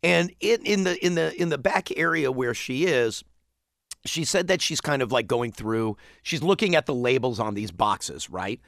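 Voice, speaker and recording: Male talk-show co-host, gravelly, meandering storytelling, close dry mic. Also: medium pitch, lively intonation, normal speed, fairly bright tone, no room sound. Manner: rambling storyteller, chuckles often. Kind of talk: casual chat, retelling a news story.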